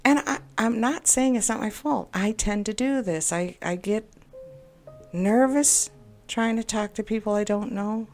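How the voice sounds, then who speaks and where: A woman's voice: mid-range voice, a little slow, darkish tone. Upset woman rambling over faint music. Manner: rambling, upset and exasperated, with self-doubting asides. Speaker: game video creator. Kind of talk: personal venting monologue. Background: faint background music.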